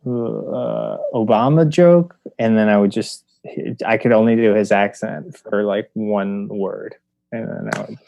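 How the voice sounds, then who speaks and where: A man from Detroit, a comedian guest on a podcast, who speaks in a lowish voice. He talks easygoing and self-deprecating, hedging as he goes. The sound is dry and close. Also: measured pace, gravelly, mellow, dry recording, lo-fi sound. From Detroit, United States. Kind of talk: casual chat about comedy.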